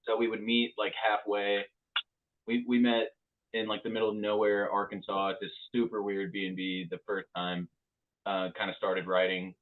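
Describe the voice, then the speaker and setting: A man's voice: lowish voice, little pitch movement, normal speed. A man from Louisville, a band member, answering interview questions in an easygoing, hesitant way with many ums. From Louisville, Kentucky. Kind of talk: casual interview chat. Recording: tinny phone-like sound.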